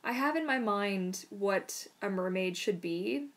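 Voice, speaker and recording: A woman's voice: mid-range voice, expressive, takes it slowly. A woman casually answering viewer questions on a live stream, chatty and rambling, unwell with throat trouble. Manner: chatty, rambling, soothing her dog in whispers.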